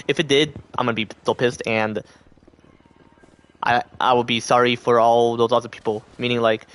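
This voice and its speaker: A man's voice: medium pitch, flat delivery, quick pace, fairly bright tone. A man streaming live, rambling casually to his chat in a loose, stream-of-thought way and acting out other people's lines as he goes. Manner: acts out quoted voices. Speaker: livestreamer.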